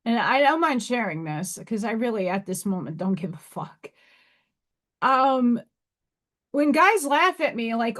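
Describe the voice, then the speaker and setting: A woman's voice: on the high side, big pitch swings, unhurried, fairly bright tone. A woman from New York hosting a casual livestream, talking frankly and emphatically to her viewers. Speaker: livestream host.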